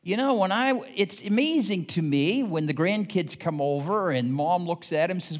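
Folksy older preacher in a reverberant hall. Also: male voice, high voice, expressive, moderate pace, hardly any pauses. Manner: folksy and anecdotal, rising to emphatic exhortation. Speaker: pastor. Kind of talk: sermon. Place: church sanctuary.

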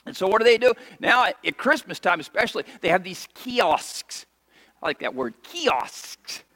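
A man's voice: high-pitched, animated, normal speed, fairly bright tone. A man preaching a sermon as pastor, reading scripture aloud and having the congregation repeat lines after him with emphatic delivery. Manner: reads scripture aloud in archaic wording. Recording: long hall reverb.

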